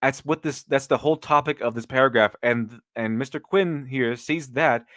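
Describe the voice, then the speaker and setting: A man's voice: mid-range voice, normal speed, a bit bright, no room sound, clean studio sound. A man hosting a casual live stream, rambling with many restarts and mocking critics sarcastically.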